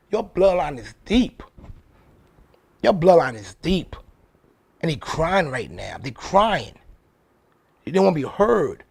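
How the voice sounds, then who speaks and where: A man's voice: a little high, creaky, husky. A man, hosting his own show in a blunt, profane casual monologue that repeats points for emphasis. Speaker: show host.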